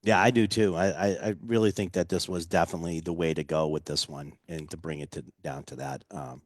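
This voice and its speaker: A man's voice: low-pitched, fairly even intonation, fairly quick, no room sound, clean studio sound. A man hosting a casual radio chat, loose and enthusiastic, full of fillers. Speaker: radio show host.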